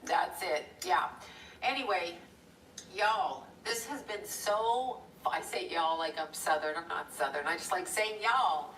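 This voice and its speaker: A woman chatting casually on a live stream while she draws, rambling, blunt and a little profane, with quick chuckles. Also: on the low side, fairly bright tone, a little hiss or hum. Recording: roomy echo from a distant mic.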